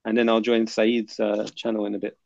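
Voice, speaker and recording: A man's voice: on the low side, completely flat delivery, brisk, gravelly, highs cut off, background noise. A man hosting a live stream, chatting casually and reading out viewer comments in a laid-back, joking way.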